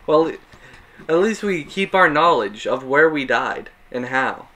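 A man's voice: fairly high pitch, expressive, takes it slowly, pauses often, sharp tone. A man giving casual, rambling gameplay commentary, self-mocking and chuckling at his mistakes. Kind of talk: casual let's-play commentary.

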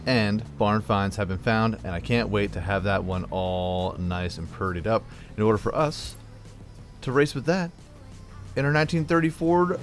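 Excitable man doing gameplay commentary. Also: fairly low pitch. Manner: excitable, jokey, loud sign-off. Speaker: gaming channel host. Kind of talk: let's play commentary.

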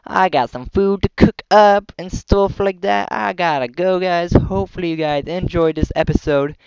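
A man's voice: high voice, moderate pace, creaky, smooth, no echo. A young man hosting a casual gameplay video, rambling and chatty with frequent giggles. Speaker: gaming channel host. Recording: dull lo-fi dry mic.

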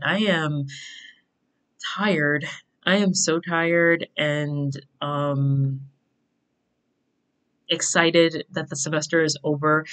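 A woman's voice: on the low side, a bit bright. Rambling giggly young woman vlogger. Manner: rambling, giggly, tangent-prone. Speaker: bullet journal vlogger. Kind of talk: casual plan-with-me chat. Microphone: desk microphone at a computer.

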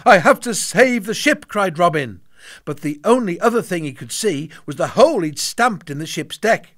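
Lively, bright male storyteller. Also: a little high, gravelly, no room sound, clean studio sound. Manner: expressive, playful, swooping delivery. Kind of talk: bedtime storybook narration.

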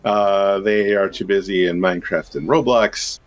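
A man's voice: sits low, unhurried. A man, a game composer and voice actor, chatting easygoingly and self-deprecatingly as a podcast guest. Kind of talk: casual interview chat.

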